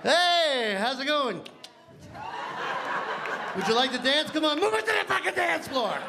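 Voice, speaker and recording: A man's voice: very high voice, lively intonation, measured pace, creaky, background noise, voice pushed up, full character voice. A man voicing a sleazy male club creep who grows pushy as he hits on a woman. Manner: sleazy, escalating to shouting. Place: comedy club stage.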